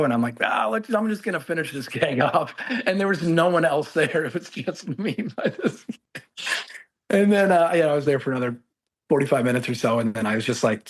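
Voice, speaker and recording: Animated male veteran storyteller. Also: mid-range voice, husky. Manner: animated, laughs often, acts out quoted voices. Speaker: guest, former Marine. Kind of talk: conversational storytelling.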